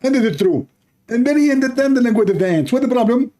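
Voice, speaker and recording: A man's voice: very high-pitched, lively intonation, quick pace, dark tone, pitched above the performer's own voice. A man voicing a smug, insistent male debater in a mock-earnest, singsong way. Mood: smug insisting.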